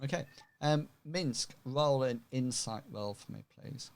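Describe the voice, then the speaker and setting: A man narrating as game master, relaxed and full of fillers. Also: medium pitch, a little slow, gravelly.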